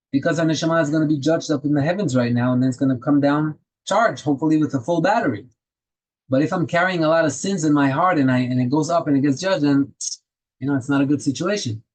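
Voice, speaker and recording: A man with a slightly high, husky voice teaches a Torah class. He tells stories, poses rhetorical questions to his listeners and slips Hebrew terms into his English. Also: darkish tone, low-quality recording.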